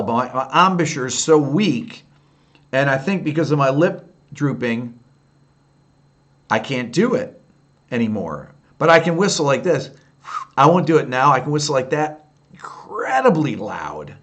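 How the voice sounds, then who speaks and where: A man in his fifties with an upstate New York accent, chatting candidly on a late-night livestream and answering viewers' comments in a rambling way. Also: on the high side. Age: 50s. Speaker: livestream host answering chat.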